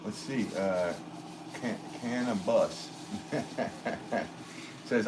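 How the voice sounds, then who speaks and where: A low-voiced, middle-aged American man chats casually on a livestream while he works, reading viewer comments in a relaxed, rambling way. He fills pauses with "um" and soft chuckles. A steady hum of noise sits clearly behind his voice. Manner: relaxed, rambling, chuckles often, many fillers. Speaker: potter hosting a livestream.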